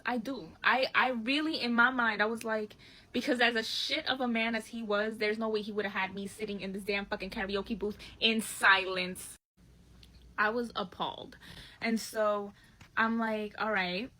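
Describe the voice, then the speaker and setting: A woman telling a dating storytime to her viewers in a casual, animated and profane way, talking straight to the audience. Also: medium pitch, moderate pace.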